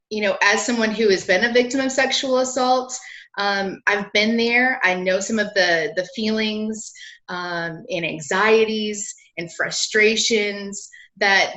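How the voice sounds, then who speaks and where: A woman with a South Carolina Southern accent chats as a podcast guest. Her voice is bright and clear, and she laughs often and tosses in quick asides. She sounds lively and open. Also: mid-range voice. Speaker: guest, lawyer and blogger. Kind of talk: casual podcast interview.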